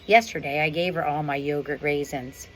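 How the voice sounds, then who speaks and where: Woman reading a proud silverback gorilla with dry wit, low-voiced, storybook tone, faint wind behind. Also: steady tone, moderate pace, natural voice. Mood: wry. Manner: wry, understated storybook narration. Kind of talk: reading a novel aloud. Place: outdoors on a windy day.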